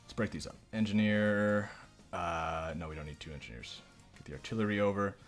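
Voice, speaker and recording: A man's voice: deep voice, fairly quick, faint music behind. A man streaming live gameplay, commenting casually in a joking, profane, self-mocking way. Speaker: game streamer.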